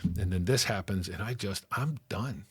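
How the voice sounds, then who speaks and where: A man telling a hard personal story in a candid interview, animated, acting out the voices of people he quotes and often asking "right?". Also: fairly low pitch, normal speed, breathy edge, no echo. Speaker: interview guest.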